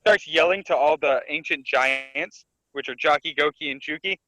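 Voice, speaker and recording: A man co-hosting a casual podcast, retelling a comic chapter in an animated way and laughing often. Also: fairly high pitch, normal speed, a little hiss or hum, poor audio. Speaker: podcast co-host.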